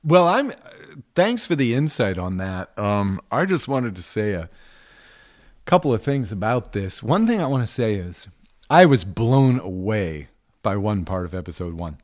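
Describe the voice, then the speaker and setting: A man co-hosting a podcast in casual chat, jokey and quick to laugh. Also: lowish voice. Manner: lively, jokey, laughs easily. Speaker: podcast co-host.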